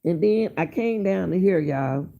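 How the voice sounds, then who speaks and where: Slow, gravelly middle-aged woman commentator. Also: fairly low pitch, lively intonation, warm tone, highs cut off. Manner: emphatic, repeats phrases, fires rhetorical questions. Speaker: commentary channel host. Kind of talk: casual commentary on a missing-person case.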